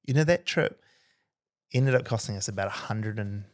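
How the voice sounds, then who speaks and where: A man's voice: fairly low pitch, moderate pace. A man hosting a podcast, telling stories casually with a lot of energy and frequent "like"s. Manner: energetic, says "like" constantly. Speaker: podcast host. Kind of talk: casual conversational storytelling.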